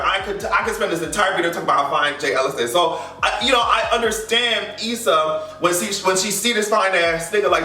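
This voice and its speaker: Bright, high-voiced man ranting sassily. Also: moderate pace, roomy sound, distant mic. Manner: animated, profane, sassy and playful. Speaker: vlogger reviewing a TV finale. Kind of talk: casual rant to camera.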